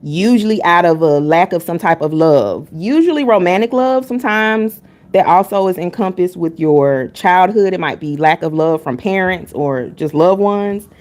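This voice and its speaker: A woman's voice: lowish voice, lively intonation, moderate pace, a little mellow. A woman reading tarot on a live stream, talking casually and bluntly. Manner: candid and blunt, chatting with chat between readings.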